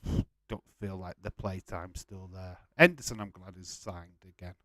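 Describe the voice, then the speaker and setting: A man's voice: deep voice, normal speed, fairly bright tone, dry recording. A man hosting a casual live watch-along stream, chatting loosely with frequent swearing and rambling restarts. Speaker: livestream host.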